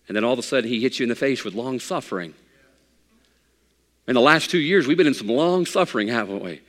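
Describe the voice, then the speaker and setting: A pastor preaching a sermon in a conversational, folksy way with bits of humor. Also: male voice, medium pitch, animated, fast, a bit bright, big-room sound.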